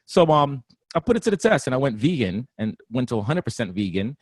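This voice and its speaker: A man talking casually as a guest trainer, animated and often laughing, acting out other people's voices. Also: mid-range voice, fast talker, breathy edge, dry recording. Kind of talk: casual interview talk.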